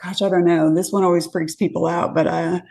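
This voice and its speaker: Creaky-voiced woman telling a wild date story. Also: on the low side, fairly quick. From California. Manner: animated, acts out quotes, swears when reliving it. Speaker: guest storyteller. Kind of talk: casual storytelling.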